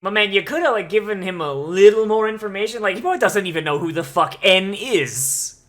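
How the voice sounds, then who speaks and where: A man reacting to an anime episode as he watches, swearing freely and reacting in disbelief at what happens on screen. His voice is bright and forward, and he talks in a loose, casual way. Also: high-pitched, a little fast. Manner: profane, incredulous outbursts. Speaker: anime watch-along host.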